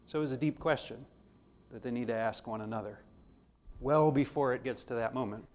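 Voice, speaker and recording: Teaching a theology class, a man speaks in a brisk, slightly mellow mid-range voice. His style is conversational, and he performs the dialogue from stories about himself.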